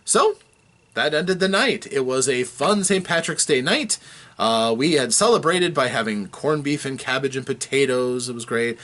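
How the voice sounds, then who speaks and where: A man narrates a tabletop session recap as its game master, his voice swooping up and down as he tells it. He chuckles and restarts now and then, in a casual, storytelling way. His pitch sits in an ordinary middle register. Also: animated, normal speed, a bit bright.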